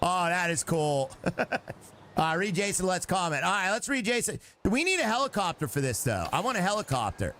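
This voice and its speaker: A man doing live gameplay commentary, excitable and chatty, reacting out loud and talking to his chat as he plays. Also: sits high, moderate pace. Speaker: live streamer.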